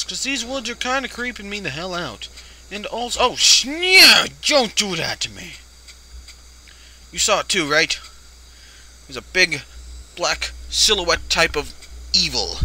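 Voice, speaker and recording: A man's voice: mid-range voice, sharp tone, a little hiss or hum, poor audio. A man hosting a let's play, joking, swearing and jumping at scares as he talks to the screen. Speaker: gaming video host.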